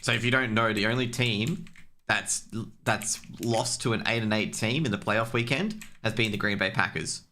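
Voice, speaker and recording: A young man streaming, chatting casually in a loose, profane, rambling way full of fillers and restarts, getting louder as he rants. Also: fairly low pitch, normal speed, a little hiss or hum. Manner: gets worked up and louder when ranting.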